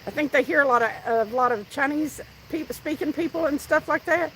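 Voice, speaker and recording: This fishing livestream host, a Southern US woman outdoors, speaks in a high, brisk, slightly bright voice. She's chatty, reading viewer comments out loud and telling stories. A little hiss or hum runs through the rough recording.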